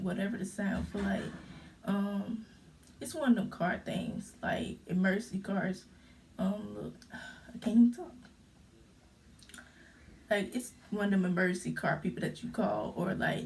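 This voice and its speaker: A young woman tells her story in a casual vlog, her voice gravelly with vocal fry. She talks in halting bursts full of fillers and sounds close to tears. The mic sits a little away from her, with a faint room hum behind. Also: mid-range voice, darkish tone, recorded from a distance. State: holding back tears. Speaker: vlogger.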